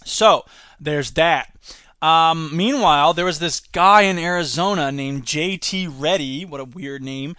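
A man's voice: a little high, measured pace, sharp tone, dry recording, clean studio sound. A man hosting a solo podcast, ranting sarcastically about the news. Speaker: podcast host.

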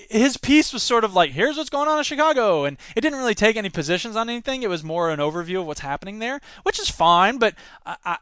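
A man's voice: sits high, a bit bright, clean tone, dry recording. A man in his thirties hosting a podcast, reading quotes aloud and reacting to them with emphatic, opinionated commentary on education. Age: 30s. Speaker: podcast host and teacher.

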